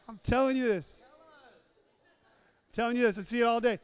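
A man's voice: extremely high pitch, brisk, clean tone, some chatter behind. A man preaching a humorous sermon, repeating phrases for emphasis and acting out little scenes in different voices.

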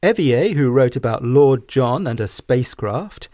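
A male co-host reads out a list of children's special mentions in a brisk manner. His voice sits at a middle pitch. The recording is dry and close. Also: expressive, mellow, no room sound. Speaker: co-host announcing winners.

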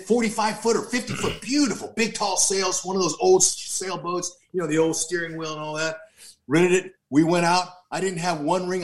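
A man giving a personal testimony, telling his story in an animated way with frequent repeats and restarts. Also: a little high. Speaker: speaker giving a faith testimony.

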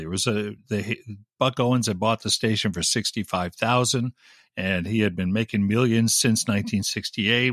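Man, lowish voice, dry close sound, animated wry storytelling, radio veteran. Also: no echo. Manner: animated anecdotes, wry, with laughs. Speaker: radio DJ guest. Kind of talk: casual storytelling chat.

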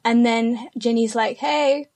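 Woman with a slightly high voice, hesitant. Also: a little slow, darkish tone. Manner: hesitant storyteller with fillers. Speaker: podcast co-host. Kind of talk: casual podcast chat.

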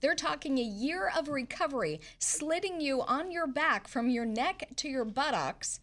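A woman's voice: sits high, lively intonation, unhurried, fairly bright tone. Emphatic woman program host. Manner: emphatic, cuts in with facts and figures. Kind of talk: interviewing a guest.

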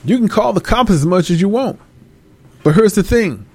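A man giving a blunt, preachy, animated rant to his viewers, swearing freely. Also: high-pitched, moderate pace, breathy edge, no echo. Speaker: vlogger. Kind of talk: ranting commentary to viewers.

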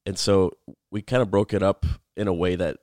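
A man in his thirties co-hosting a podcast, explaining a Bible book in a relaxed, rambling way. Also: low-pitched, moderate pace, no echo, studio quality. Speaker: podcast co-host. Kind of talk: casual Bible study chat.

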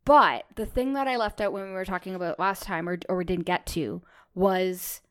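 A woman co-hosting a podcast, chatting casually and thinking out loud with enthusiasm. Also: medium pitch, steady tone, normal speed, clear, resonant tone. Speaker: podcast co-host.

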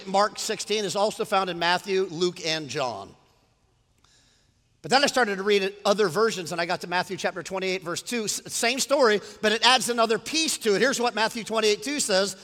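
Pastor guy in his 50s preaching, high bright voice, long reverb from a big church hall. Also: brisk. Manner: animated, swinging from quiet storytelling to loud preaching. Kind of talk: sermon.

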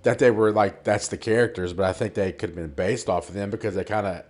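Male podcast co-host, low voice, relaxed and brief, pokes in with questions. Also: quick pace. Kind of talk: casual chat.

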